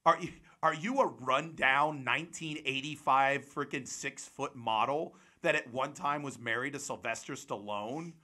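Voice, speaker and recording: A man's voice: medium pitch, a little slow, hardly any pauses. A man hosting a podcast, telling a rambling story in casual chat and acting out the quotes. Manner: rambling, animated, acts out quotes. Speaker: podcast host.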